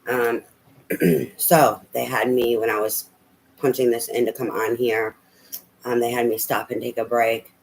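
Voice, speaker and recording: A man's voice: medium pitch, steady tone, measured pace, creaky, long pauses, a little hiss or hum, rough recording. A man giving a casual spoken tarot reading, rambling and hesitant with many fillers. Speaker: tarot reader.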